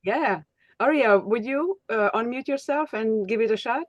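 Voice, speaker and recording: A woman leadership coach co-hosting an online workshop, speaking in a halting, soft way over a video call. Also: on the high side, dry recording, highs cut off.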